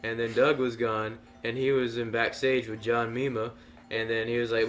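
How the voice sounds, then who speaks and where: Young man, rambling storyteller, giggly, mid-pitched voice. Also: flat delivery, moderate pace, a bit bright. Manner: rambling, giggling through absurd tales. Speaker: co-host. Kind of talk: improvised comedic storytelling.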